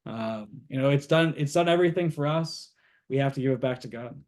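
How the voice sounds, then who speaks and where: A man's voice: mid-range voice, a little fast. A young man from Boston, a guest on an interview show, telling stories casually with frequent fillers and chuckles. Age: young adult. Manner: relaxed storyteller, chuckles often, many fillers. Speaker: guest, university co-founder.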